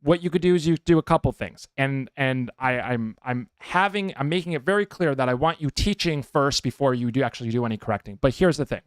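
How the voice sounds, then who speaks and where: A man's voice: mid-range voice, lively intonation, a little fast, hardly any pauses, smooth, dry recording, studio quality. A man who trains dogs, hosting a podcast and giving emphatic advice, often checking in with listeners. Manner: emphatic, keeps checking in with "okay?". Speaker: dog trainer, podcast host. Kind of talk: casual advice talk.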